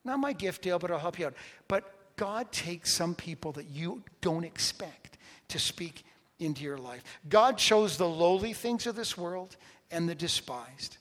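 A man's voice: high-pitched, expressive, a little slow, a bit bright, long reverb tail. A man preaching a sermon as a pastor, telling stories in a conversational way with humorous asides.

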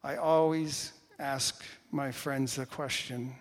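A male pastor preaching a sermon, telling a personal story with animated swings between loud and hushed delivery. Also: medium pitch, takes it slowly. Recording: reverberant church hall.

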